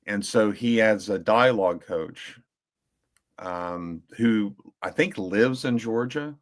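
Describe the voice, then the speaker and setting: A man with a slightly low voice talks loosely on a podcast, circling back and restarting his sentences as he tells a story. He keeps it casual and chatty. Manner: rambling storyteller with many restarts and fillers; briefly mimics slow drawling voices when quoting. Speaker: podcast co-host. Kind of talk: casual chat.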